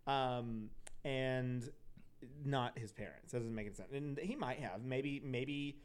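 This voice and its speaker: A man's voice: medium pitch, a little slow, clean tone. A young man hosting a podcast, telling a true crime story casually, with profane asides and self-corrections. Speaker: podcast host.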